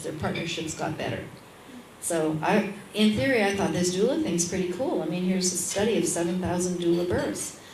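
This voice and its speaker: A woman midwife speaking as an interview guest, telling a lively anecdote and acting out the voices of the people in it. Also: on the low side, roomy sound, recorded from a distance, a little hiss or hum, rough recording. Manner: animated, acts out the voices in her stories. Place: restaurant at a lunchtime public talk.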